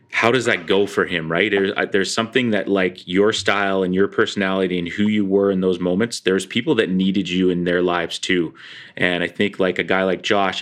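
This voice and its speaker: A man's voice: deep voice, fairly bright tone. A man hosting a podcast interview, asking long, rambling questions full of fillers. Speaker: podcast host. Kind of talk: casual interview.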